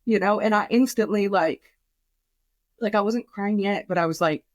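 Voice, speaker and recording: A woman's voice: medium pitch, moderate pace, dry recording. A young woman talks through a painful loss on a podcast, rambling and swearing, stacking fillers and acting out what she and others said. Her voice sits in a middling register and sounds dry and close. It feels raw and unpolished. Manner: rambling, many fillers, swears, quotes herself. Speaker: podcast guest. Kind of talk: emotional personal story.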